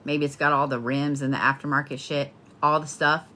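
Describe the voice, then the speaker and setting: A woman's voice: deep voice, flat delivery, brisk, bright, forceful tone. A woman giving a casual spoken horoscope reading, talking bluntly and playfully with plenty of swearing. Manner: blunt, profane, chatty, playful. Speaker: tarot and astrology reader.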